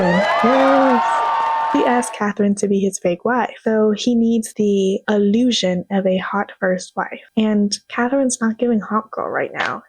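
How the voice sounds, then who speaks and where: A woman's voice: on the high side, a little mellow, dry recording. A young woman giving a sassy, slang-filled casual movie commentary as host.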